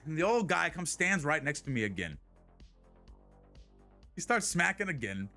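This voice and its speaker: A man's voice: on the high side, very animated, moderate pace, pushed and bright, soft background music. A young man streaming live and telling a story in casual, rambling chat. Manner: rambling, many restarts and laughs.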